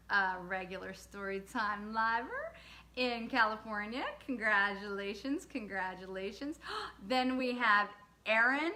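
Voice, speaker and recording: Bright-voiced woman chatting on a livestream. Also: on the high side. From lived in the US state of Georgia. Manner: chatty, warm shout-outs to viewers, laughing asides. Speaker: author hosting a livestream. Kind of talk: casual livestream chat with viewers.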